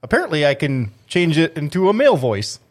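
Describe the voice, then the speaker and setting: A man's voice: a little high, sing-song, fairly quick. A man on a casual talk show making blunt, joking asides. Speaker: co-host.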